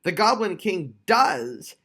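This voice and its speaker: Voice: mid-range voice, sing-song, slow pace, fairly bright tone. A tabletop game reviewer giving a casual video review, chatty and explanatory with frequent fillers.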